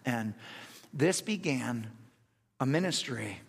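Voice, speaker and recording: A man preaching a sermon, telling stories and acting out quotes, animated, laughing at himself. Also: mid-range voice, normal speed. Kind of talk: sermon storytelling. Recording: long hall reverb.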